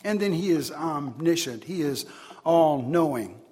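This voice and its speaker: A man preaching a sermon, swinging between loud, emphatic declarations and quiet asides. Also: on the high side, animated, measured pace, breathy edge.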